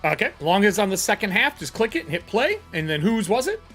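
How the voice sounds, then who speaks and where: Brisk game master on a voice call. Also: medium pitch, sing-song, a bit bright, soft background music. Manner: brisk, explains rules and rolls. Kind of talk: running an online tabletop game.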